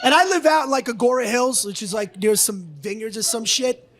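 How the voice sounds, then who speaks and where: A middle-aged man doing a stand-up set, loud and profane, often shouting as he rants. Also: very high-pitched, brisk. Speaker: stand-up comedian. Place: comedy club stage. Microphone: handheld stage mic. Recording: noisy club recording. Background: audience laughter.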